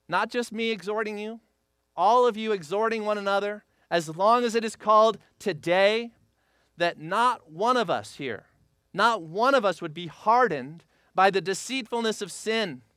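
A man's voice: high voice, fairly bright tone, smooth, no room sound, clean studio sound. A man preaching a sermon as pastor, driving his points home with short repeated exhortations that rise and fall in emphasis.

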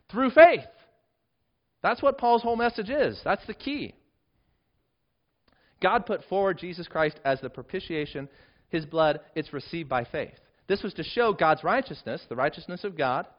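A high-pitched male pastor delivers an expository sermon, his voice swinging widely between loud emphatic peaks and quiet explanatory asides. The recording sounds somewhat dull and lo-fi. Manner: emphatic preaching with big swings in pitch and volume.

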